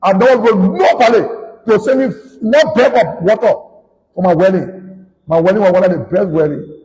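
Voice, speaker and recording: A man with a Liberian English accent, a politician giving a combative, accusing rant that swings between shouting and muttering. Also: high-pitched, moderate pace, in a large hall, low-quality recording.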